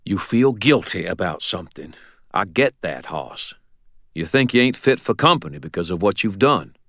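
A man's voice: low voice, sing-song, moderate pace, fairly bright tone, no echo, studio quality, heavily acted. A man voicing a stern, blunt old male wizard mentor who scolds in a growling, folksy way.

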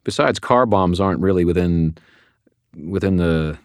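A man's voice: deep voice, measured pace, dry recording, clean studio sound. A man doing a wisecracking battered wizard. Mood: wry. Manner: sardonic, joking, a little whiny. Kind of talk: audiobook character voice.

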